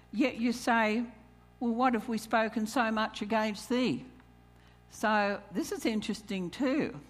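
A woman preaching in a slow, unhurried way, her voice sitting a little high. She reads scripture aloud and calls out questions to the congregation. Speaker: church speaker. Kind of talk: sermon on tithing.

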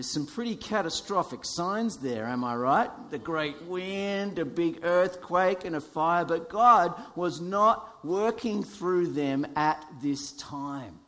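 A man preaching a sermon, dramatic in delivery, dropping from loud to whispers, with light self-deprecating humor. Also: on the high side, lively intonation, takes it slowly, long reverb tail. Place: church.

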